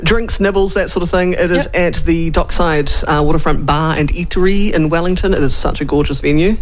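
A woman's voice: lowish voice, a little fast. Upbeat New woman co-host. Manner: chatty, upbeat, many ums. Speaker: radio co-host. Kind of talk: casual talk radio chat.

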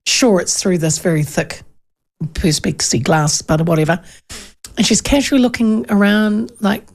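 A middle-aged New woman hosting talk radio, chatting in an animated, storytelling way. She keeps correcting herself in the middle of a sentence. Her voice has a gravelly, fry-tinged edge at a middle pitch. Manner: animated, chatty, self-interrupting with quick corrections. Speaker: radio talk show host.

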